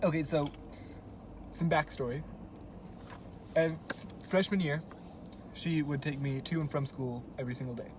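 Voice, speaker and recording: A man's voice: fairly high pitch, normal speed, long pauses. Young man rambling casually in a car. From United States. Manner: relaxed rambling storyteller with fillers. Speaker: vlogger's younger brother. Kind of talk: casual chat. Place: inside a moving car. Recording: car noise behind.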